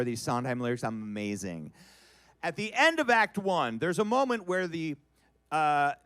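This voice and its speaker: A middle-aged man telling a comic story on a cabaret stage, animated and building to loud shouts. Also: a little high, no room sound. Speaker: guest performer.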